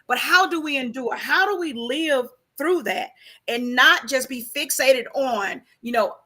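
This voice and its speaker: Bright, high-voiced woman preaching emphatically. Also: unhurried. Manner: emphatic, preachy, repeats rhetorical questions. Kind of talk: casual faith-based conversation.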